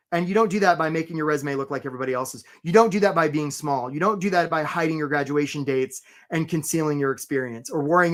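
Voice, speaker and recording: A man hosting a live career webinar, talking energetically and conversationally and often checking in with "right?". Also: on the high side.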